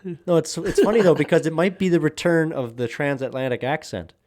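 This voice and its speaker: A man's voice: a little high, animated, brisk, a little mellow. A young man co-hosting a podcast, rambling and joking crudely in casual banter with lots of fillers and laughs. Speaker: podcast co-host.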